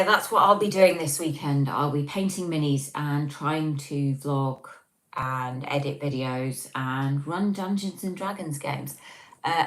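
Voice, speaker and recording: A woman with an English accent hosting a casual livestream at home, reading comments and chatting with lots of ums, recorded on a tablet on a table. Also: low-pitched. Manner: chatty, rambling with many ums. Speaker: livestream host.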